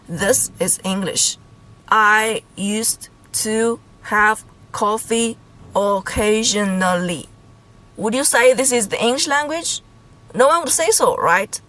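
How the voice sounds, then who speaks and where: A woman from Beijing giving a Mandarin lesson, slowly and deliberately spelling out her examples. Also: fairly high pitch, fairly bright tone, poor audio. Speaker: Mandarin teacher. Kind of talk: explanatory language lesson.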